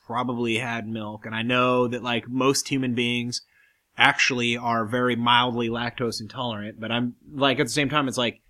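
A man's voice: mid-range voice, flat delivery, normal speed, sharp tone. A young man co-hosting a podcast, chatting casually and crudely, swearing and laughing often as he rambles. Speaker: podcast co-host.

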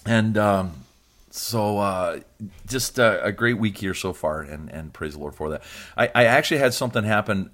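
A man with a fairly low voice hosts a podcast as a pastor. He chats casually, jokes and laughs easily. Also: a bit bright. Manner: chatty, joking, laughs often. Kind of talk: casual chat.

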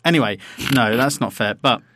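A man, rambling along as a podcast co-host, often breaking off and restarting his thoughts. His voice sits at a middling pitch and sounds close and dry. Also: normal speed, bright, forceful tone, dry recording. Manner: rambling, self-interrupting, chatty. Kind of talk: casual chat.

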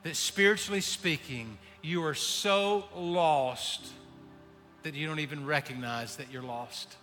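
A man preaching a sermon, swinging between hushed pleading and impassioned calls. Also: on the high side, measured pace. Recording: reverberant hall with faint music. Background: faint music.

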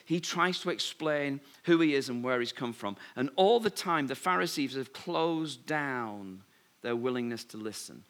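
A man preaching a sermon, retelling scripture with lively humour and playful asides. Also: medium pitch, moderate pace. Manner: lively storytelling with humorous asides.

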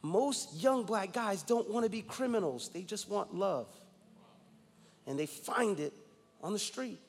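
A man's voice: sits high, animated, unhurried, breathy edge, long reverb tail. A man in his forties from New York, a guest pastor preaching a sermon with emphatic personal storytelling. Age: 40s.

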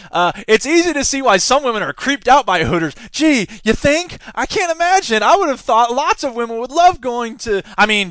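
A man's voice: extremely high pitch, a bit bright, dry recording, studio quality. A man hosting a podcast, giving casual, sarcastic commentary and laughing often as he talks. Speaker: podcast host; teacher.

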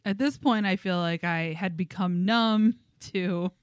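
A woman's voice: fairly low pitch, a little slow, clear, resonant tone, no echo, studio quality. A woman co-hosting a podcast, telling stories in a casual chat, full of fillers and laughs. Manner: animated storytelling with many fillers and laughs. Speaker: podcast co-host.

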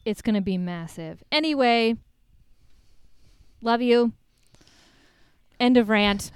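A woman podcast co-host with a high, smooth voice, ranting casually with plenty of swearing and self-mocking asides. The sound is dry and close. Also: slow pace, a little mellow, dry recording.

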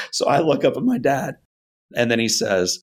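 A man being interviewed, telling a personal story in an earnest, animated way and acting out his parents' words. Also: mid-range voice, measured pace, breathy edge. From United States. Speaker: guest.

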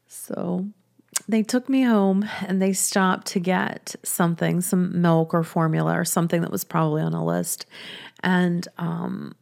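A woman telling a personal story in a chatty, soft-spoken way, often laughing between sentences. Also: on the low side, steady tone, a little slow, vocal fry. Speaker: business coach and podcast host.

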